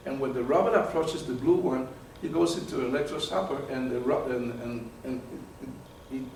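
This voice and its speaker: A man giving a live talk to an audience, animated and often repeating words as he searches for terms. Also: mid-range voice, fairly quick, creaky, slight background noise. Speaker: presenter. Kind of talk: live lecture with audience questions. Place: meeting room with an audience. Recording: very echoey room from far off.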